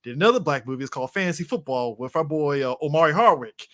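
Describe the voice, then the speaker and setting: A man's voice: on the high side, lively intonation, fast, fairly bright tone. A man co-hosting a podcast, chatting casually and running through movie picks. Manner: chatty, recommending movies, laughing often. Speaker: podcast co-host. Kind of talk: casual chat.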